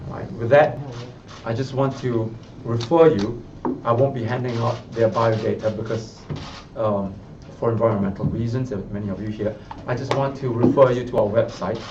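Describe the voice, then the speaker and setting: A man's voice: medium pitch, steady tone, moderate pace, noisy background. A man with a Singaporean accent, speaking as party spokesman at a press conference in a party office, reading out a prepared biography and then adding loose remarks. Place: party office, room with reporters. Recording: muffled sound from a distant mic.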